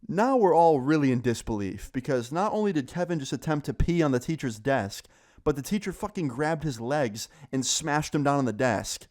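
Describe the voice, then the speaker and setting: A young man casually telling a school story, animated and swearing, acting out what others said. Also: on the high side. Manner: animated, swearing, acts out quoted voices. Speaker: storyteller vlogger.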